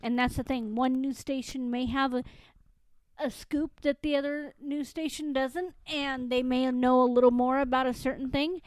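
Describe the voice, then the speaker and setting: A woman's voice: high-pitched, steady tone, normal speed, no room sound, poor audio. A woman co-hosting a podcast, chatting casually, cracking jokes and finishing her co-host's sentences. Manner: wisecracking, jumps in to finish sentences. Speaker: podcast co-host. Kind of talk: casual chat.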